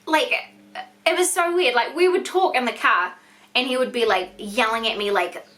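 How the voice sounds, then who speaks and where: A woman's voice: fairly high pitch, normal speed, fairly bright tone. A 25-year-old woman with a New Zealand accent tells a personal story to camera, frank and chatty, with lots of "like" fillers. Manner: frank and chatty, heavy use of "like". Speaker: vlogger. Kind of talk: candid storytime monologue.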